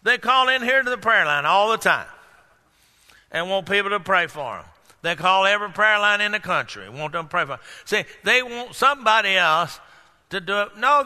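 Predicador de voz aguda y brillante, en una sala con eco. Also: male voice, sits high. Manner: preaching with call-outs and sudden shouts. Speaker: pastor. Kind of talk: sermon. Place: church hall. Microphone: microphone. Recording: echoey hall.

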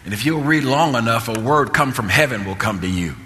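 Bright-voiced man preaching with fervor. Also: mid-range voice, animated, a little fast, in a large hall. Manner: impassioned, repetitive preaching cadence. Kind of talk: sermon. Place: church.

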